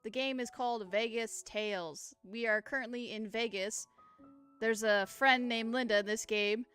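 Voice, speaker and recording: A woman gaming streamer doing chatty, excitable commentary, often laughing. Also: fairly high pitch, moderate pace, smooth, faint music behind. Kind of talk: live game commentary.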